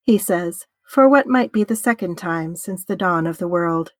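Woman reading fanfic out loud, chatty and wry, dry close sound. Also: on the low side, lively intonation, normal speed, no room sound. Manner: wry, conversational storytelling with casual swearing. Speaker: narrator. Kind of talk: audiobook fan fiction reading.

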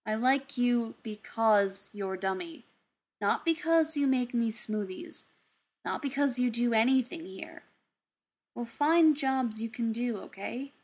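A woman voicing a stressed adult man who scolds sharply and then turns soft and reassuring. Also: fairly high pitch, takes it slowly. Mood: gentle. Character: stressed adult man, exasperated but caring.

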